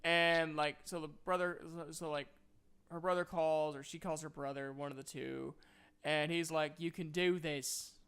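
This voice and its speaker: Bright, crisp-voiced man ranting. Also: a little high, little pitch movement, moderate pace. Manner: exasperated, scattered, heavy use of "like". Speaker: movie reviewer. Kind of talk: casual ranting review.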